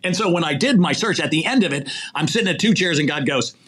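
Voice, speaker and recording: A man, a sports executive recruiter and podcast guest, talking in a preachy, animated way about faith and asking rhetorical questions. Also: on the high side, quick pace. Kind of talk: faith-centered motivational conversation.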